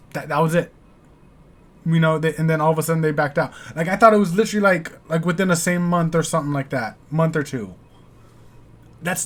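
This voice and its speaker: An American man hosting a reaction video, rambling candidly through his thoughts and swearing now and then. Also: on the high side. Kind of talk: casual reaction commentary.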